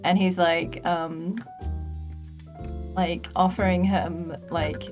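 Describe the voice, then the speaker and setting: A woman talks in a relaxed, conversational way, her voice sitting low. She thinks aloud and laughs easily. The stream audio is muffled and lo-fi, with faint music playing behind her. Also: slow. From New Zealand. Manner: reflective and conversational, laughs often. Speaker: VTuber guest. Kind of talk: casual chat.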